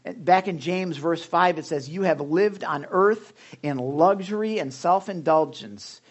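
A man preaching a casual, animated sermon, full of asides and jokes to the congregation. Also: on the high side, a little slow, slightly rough. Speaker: pastor. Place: hot church room.

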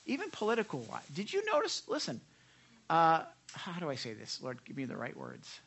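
A man's voice: fairly high pitch, wildly swooping pitch, moderate pace, gravelly, fairly bright tone, breathy edge. A man preaching as a pastor in an earnest, conversational sermon, with fervent repeated words and frequent "right?" asides to his listeners.

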